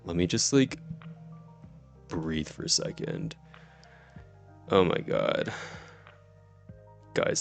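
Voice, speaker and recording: A young man with a low, gravelly voice chats on a live stream, giddy and quick to laugh, swearing casually as he goes. Faint music plays softly behind him. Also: sing-song. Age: 20s.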